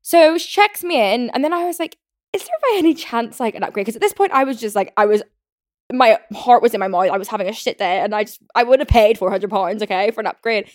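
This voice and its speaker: A young woman hosting a podcast, telling a story in a fast, chatty rant full of swearing and fillers. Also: fairly high pitch, no echo, studio quality. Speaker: podcast host. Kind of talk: casual solo rant.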